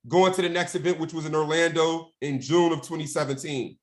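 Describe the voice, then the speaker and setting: A man speaking as a guest at a mentorship session, telling his own story in a casual, animated, slangy way. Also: a little high, a little fast.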